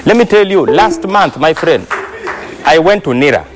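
A man's voice: on the high side, lively intonation, moderate pace. A man with a Ugandan English accent doing stand-up comedy on stage, telling a story and teasing the audience directly. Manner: teasing, addresses the crowd directly. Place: stage in front of a live audience. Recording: live show with crowd noise. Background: audience laughter.

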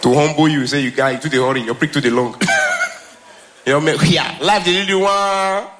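A man with a Nigerian accent performing a stand-up comedy special on stage, animated, slipping between Pidgin and English and laughing often. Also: a little high, moderate pace, very noisy. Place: stage before live audience.

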